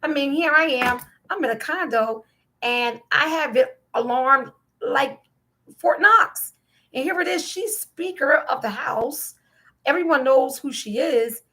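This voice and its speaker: A woman from New Jersey talks through the news in a casual, rambling monologue. Her voice sits a little high, and she keeps stacking up incredulous questions. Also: a little slow, fairly bright tone, a little hiss or hum. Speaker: podcast host.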